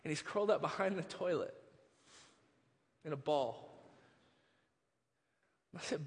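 A man preaching a sermon as pastor, moving between hushed storytelling and impassioned, near-shouted preaching. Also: a little high, normal speed, long pauses, in a large hall.

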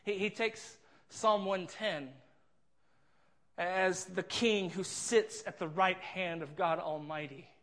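A man's voice: high voice, steady tone, slow, a bit bright. A man preaching a sermon, retelling a scene with earnest, vivid storytelling and frequent repeats. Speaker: pastor.

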